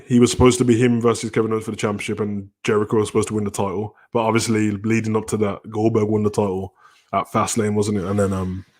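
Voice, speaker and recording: A relaxed man chatting on a live stream, wandering from one thought to the next as he answers his viewers' messages. His voice sits a little low, and he loosely tags sentences with a familiar catchphrase. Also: quick pace. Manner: relaxed, rambling, answers chat messages aloud, often tags "you know, like that". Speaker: wrestling stream host. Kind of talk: casual live-stream chat.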